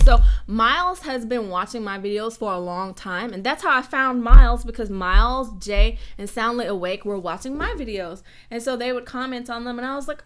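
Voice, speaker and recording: Chatty American woman, high voice. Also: a little fast. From United States. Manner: chatty and animated, jumps from loud exclamations to whispered asides. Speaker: YouTuber hosting a live stream Q&A. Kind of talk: casual live-stream chat.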